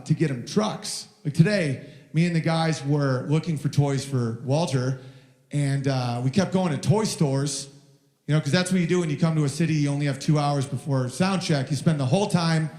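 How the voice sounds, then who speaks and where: A man in his thirties doing a rambling stand-up comedy set on stage, telling stories about his toddler and shouting the child's lines in a high voice. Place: live venue with audience. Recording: roomy live venue sound.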